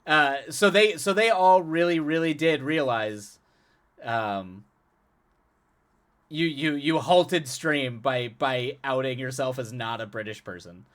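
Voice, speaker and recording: A man's voice: medium pitch, takes it slowly, fairly bright tone. Chatty man streaming live to viewers. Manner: chatty, laughs often, repeats words and restarts. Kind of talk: casual chat with stream viewers.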